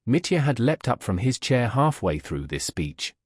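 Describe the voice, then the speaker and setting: Husky, expressive male audiobook narrator. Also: medium pitch, moderate pace, no echo, clean studio sound. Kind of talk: audiobook narration of a classic novel.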